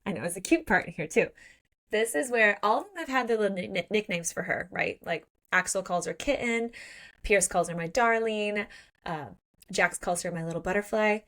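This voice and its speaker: A woman co-hosting a book podcast in casual chat, gushing and excitable and swearing freely as she retells scenes. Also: mid-range voice, normal speed. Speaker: podcast co-host.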